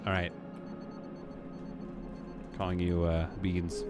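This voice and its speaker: A man's voice: low voice, monotone, takes it slowly, over loud music. A man hosting a casual live stream, chatting as he plays and reading viewers' messages aloud. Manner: chatty, muses aloud, reads chat. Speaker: streamer host.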